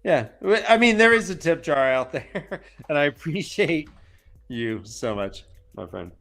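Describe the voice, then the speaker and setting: A man's voice: fairly high pitch, animated, measured pace, gravelly, fairly bright tone. A man hosting a casual chat, playfully retelling scenes and doing mock voices. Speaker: podcast host recapping a book.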